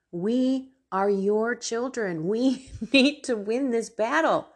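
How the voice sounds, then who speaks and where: A woman podcast host prays aloud with earnest, fervent pleading. Her delivery is unhurried and drawn out, and her voice carries a soft, airy huskiness. It sounds like heartfelt spoken prayer rather than a performance. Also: mid-range voice, husky. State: tearful.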